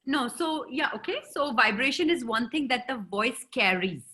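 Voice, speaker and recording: A woman gives a lively, encouraging seminar talk and quizzes her listeners. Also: fairly high pitch, normal speed. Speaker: seminar speaker and trainer. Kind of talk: interactive talk to an audience.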